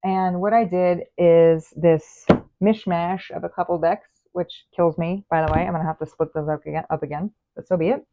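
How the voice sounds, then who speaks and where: A woman's voice: lowish voice, fairly even intonation, moderate pace, background noise. A woman giving a casual tarot reading, chatty and rambling as she talks straight to the viewer. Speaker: tarot reader. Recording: phone-like narrow sound.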